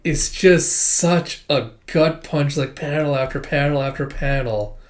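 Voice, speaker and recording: A man's voice: a little high, a little slow. Man, manga reaction host, casual, rambling, swears a lot. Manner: swears often, sighs, rambling.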